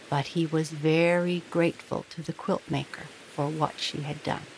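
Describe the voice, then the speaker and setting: A woman reading a children's storybook aloud in an expressive, storytelling manner. Her pace is very slow and deliberate, and her voice sits a little low. A faint noise runs behind her. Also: rough recording.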